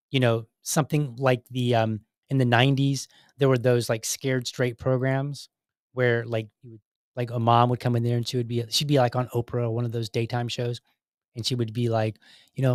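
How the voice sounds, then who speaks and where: Speaking at normal speed with a flat delivery, an earnest podcast host chats casually about videos. He wanders through his points, often restarting and going off on asides. His voice sits at a middle pitch, captured close and dry with no room sound at all.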